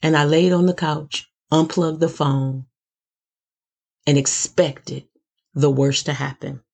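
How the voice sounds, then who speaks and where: A middle-aged woman minister gives a personal testimony, slow and dramatic, building emphasis through repetition. Her voice is low, level, creaky, darkish, and husky.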